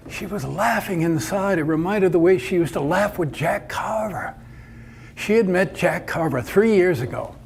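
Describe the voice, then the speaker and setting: A man telling a story aloud in a conversational, unhurried way. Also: high voice, expressive, vocal fry, a little hiss or hum. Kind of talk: told story narration.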